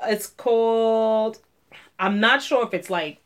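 A woman's voice: on the high side, slow. A woman co-hosting a casual music podcast, chatty and a little hesitant. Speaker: podcast co-host.

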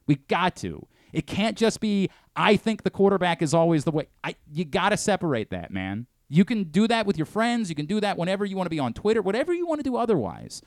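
A man's voice: high voice, huge pitch swings, quick pace, few pauses, no room sound, clean studio sound. A male sports radio host arguing in a heated, lecturing way, often stammering and restarting his sentences. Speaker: radio host and director of programming.

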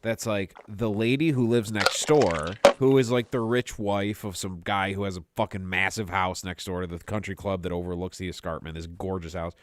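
A young man telling a story in casual chat, animated and swearing freely, acting out the voices of people in it. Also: low-pitched, moderate pace, hardly any pauses, slight background noise. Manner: animated, swearing often, acts out quoted voices. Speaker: podcast co-host telling a story.

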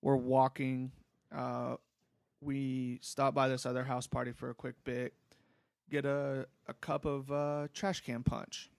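A young man tells a rambling story in a relaxed, profane way. His voice has a gravelly edge, and the sound is dry and close. He keeps it casual and easygoing throughout. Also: mid-range voice, takes it slowly, no echo. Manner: laid-back, rambling, profane. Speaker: podcast host.

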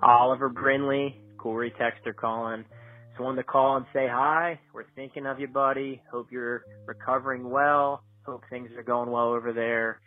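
Flat-toned man on a phone line. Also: medium pitch, normal speed. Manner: friendly and supportive. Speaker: caller leaving a voice message. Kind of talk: recorded phone message. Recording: tinny phone line with faint music.

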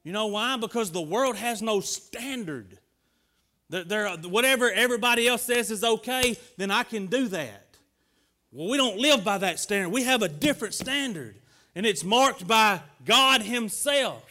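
A middle-aged man preaching a sermon in a folksy, emphatic way, swinging from loud urging to quiet storytelling. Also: sits high, expressive, moderate pace. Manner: emphatic, rising and dropping, sometimes near shouting.

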